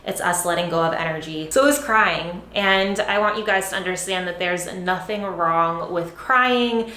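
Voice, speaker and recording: A woman's voice: on the low side, measured pace, bright, forceful tone, reverberant, a little hiss or hum. A woman fitness coach talking casually to her viewers, encouraging and repetitive, often tagging sentences with "right?". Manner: encouraging, repeats herself with lots of "right?" and "like". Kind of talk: casual direct-to-camera vlog.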